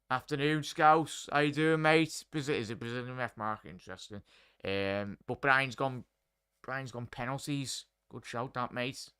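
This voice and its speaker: A man's voice: medium pitch, measured pace, sharp tone, clear, resonant tone. A man hosting a live football watchalong, chatting with viewers as he calls the play. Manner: chatty, addresses chat and viewers by name. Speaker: watchalong host.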